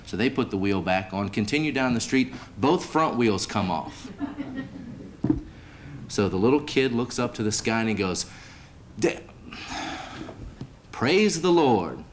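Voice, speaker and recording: A man's voice: fairly low pitch, normal speed, background noise. A man hosting a sports hall of fame banquet as emcee, telling a folksy joke at the podium. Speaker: host and emcee.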